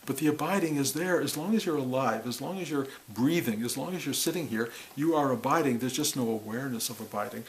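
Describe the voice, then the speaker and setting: A middle-aged man teaching about awakening in a musing, reflective way, repeating words and breaking into animated bursts. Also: mid-range voice, quick pace, hardly any pauses, a little hiss or hum, rough recording. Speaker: spiritual teacher. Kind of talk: reflective spiritual talk.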